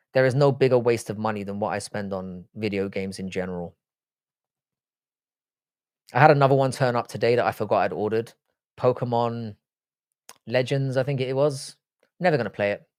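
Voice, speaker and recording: A man's voice: mid-range voice, moderate pace, long pauses, smooth, no room sound, studio quality. A man hosting a livestream in a casual, offhand and profane way, reading chat messages aloud and replying to them. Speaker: livestream host.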